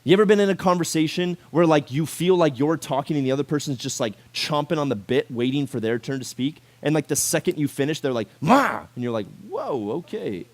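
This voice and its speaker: A man preaching a casual youth sermon to high schoolers, animated and conversational, full of rhetorical questions and filler words. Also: fast, few pauses. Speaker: youth pastor.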